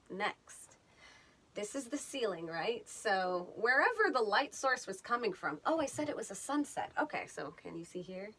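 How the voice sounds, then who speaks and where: Playful woman with a lively, bright voice. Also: mid-range voice. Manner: playful, jokey, slips into put-on accents. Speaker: vlog host. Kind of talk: casual talk while sketching a dream. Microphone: phone.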